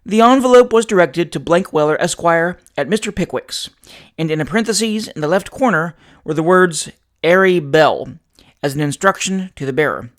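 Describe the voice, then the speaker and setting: A man reads a classic novel aloud as an audiobook narrator, measured and expressive in his storytelling. His voice sits somewhat high for a man.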